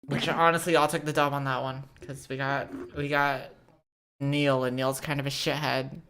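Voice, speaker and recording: A woman's voice: extremely low pitch, little pitch movement, normal speed, a bit bright, smooth. A woman from the United States co-hosting a podcast in casual, profane, joking chat. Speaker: podcast co-host.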